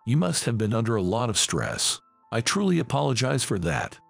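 A man's voice: mid-range voice, huge pitch swings, moderate pace, gravelly, dry recording, soft background music, full character voice. A man reading the part of an older company president who is a remorseful father, in a storybook reading. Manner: earnest, apologetic.

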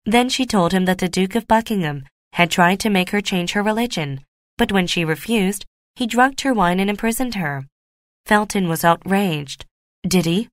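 A woman narrating a graded reader audiobook in a clear, steady, measured way. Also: medium pitch, no echo, studio quality.

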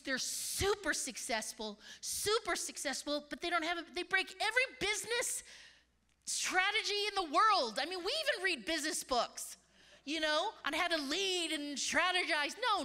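A woman's voice: very high voice, unhurried. A woman speaking at a conference, telling stories in a sermon and acting out the voices of the people she quotes. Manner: animated storyteller, acts out quoted voices. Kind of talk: sermon with storytelling. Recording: large hall reverb.

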